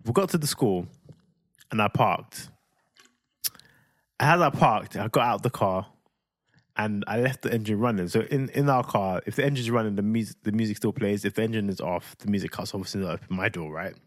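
A man's voice: normal speed, no room sound, clean studio sound. A man, co-hosting a parenting podcast, telling a story in casual chat and acting out his child's voice. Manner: animated, acts out his son's voice in high shrieks. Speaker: podcast co-host.

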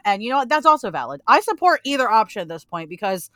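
A woman's voice: fairly high pitch, big pitch swings, fast talker, a bit bright, dry recording. A woman co-hosting a casual comics podcast, talking animatedly, repeating points for emphasis and swearing freely. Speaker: podcast co-host.

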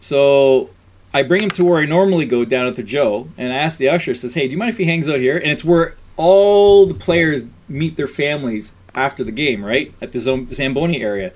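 A middle-aged man telling stories in a casual chat, animated, laughing often and acting out what people said. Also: medium pitch, brisk.

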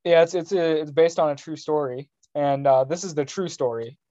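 A young man talks in a loose, joking podcast chat, rambling and restarting his sentences. His voice sits a little high for a man yet sounds mellow and dark. The recording is dry and somewhat dull, like lo-fi gear. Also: moderate pace, no echo. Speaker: podcast co-host. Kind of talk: casual chat.

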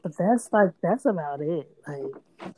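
A woman's voice: fairly low pitch, animated, slow pace, mellow, breathy edge. A young adult woman chatting casually as a podcast guest, telling stories in loose slang with frequent laughter and profanity. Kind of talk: casual chat.

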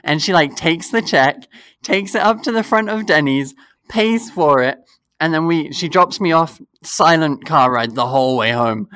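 A man's voice: fairly high pitch, moderate pace, smooth. A young man in casual chat, animatedly telling a funny story and laughing through it. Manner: animated, laughs through his story, acts out quoted voices.

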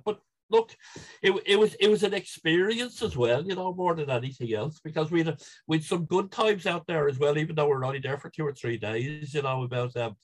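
A man's voice: fairly high pitch, poor audio. A middle-aged Irish man telling stories in casual chat, rambling with many restarts and chuckles. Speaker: guest, football supporter. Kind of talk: casual storytelling.

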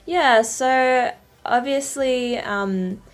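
Woman, musician guest, radio interview, casual, relaxed, upbeat. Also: high-pitched, very slow, soft background music.

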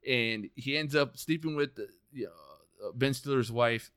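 A man's voice: mid-range voice, a little slow, a bit bright, clear, resonant tone, dry recording, studio quality. A man hosting a casual podcast chat, eager and casually swearing. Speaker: podcast host.

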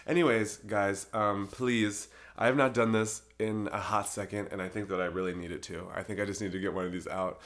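Talking a little fast with hardly any pauses, a young solo podcast host rambles in a giggly, self-interrupting way, often breaking off mid-sentence. His voice is on the low side, fairly even in intonation and fairly bright.

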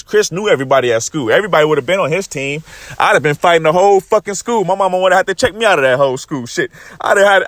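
A man's voice: fairly high pitch, fairly bright tone, no room sound, studio quality. A young man telling a story into his phone in a fired-up, profane monologue, repeatedly addressing his viewers as "guys". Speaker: vlogger.

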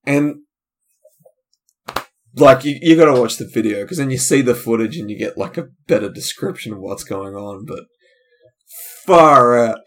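A man's voice: mid-range voice, lively intonation, normal speed, long pauses. A man hosting his own comedy podcast solo, chatting loosely and drifting from one tangent to the next. His voice sits in an ordinary middle register, and he often trails off mid-thought before circling back. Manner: casual, loose and digressive, trailing off, many fillers. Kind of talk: rambling solo podcast chat.

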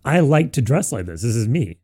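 Gravelly young man with dry quips. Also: medium pitch, very animated, brisk, warm tone. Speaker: podcast co-host. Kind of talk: casual chat.

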